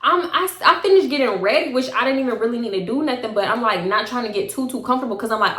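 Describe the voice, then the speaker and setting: A young woman telling a personal story to camera in a casual, slangy, animated way. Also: a little high, fast. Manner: animated, slangy, acts out both sides of arguments. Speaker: storytime vlogger. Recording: echoey room.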